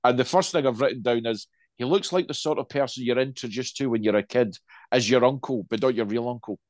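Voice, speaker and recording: A man's voice: medium pitch, quick pace, no echo. A middle-aged man co-hosting a podcast, reviewing a film in casual chat, rambling and wry, with frequent restarts.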